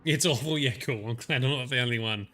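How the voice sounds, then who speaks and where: A man's voice: mid-range voice, fairly quick, pushed and bright, a little hiss or hum. A man with an Australian accent giving chatty, laughing commentary over a game livestream. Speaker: streamer. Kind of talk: let's play commentary.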